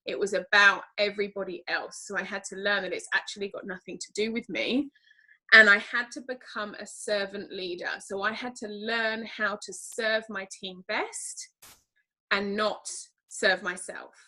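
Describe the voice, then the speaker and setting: A woman's voice: mid-range voice, steady tone, moderate pace, bright, forceful tone, poor audio. A woman from Britain talking candidly as an interview guest about leading her team, chatty and full of fillers. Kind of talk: casual interview talk.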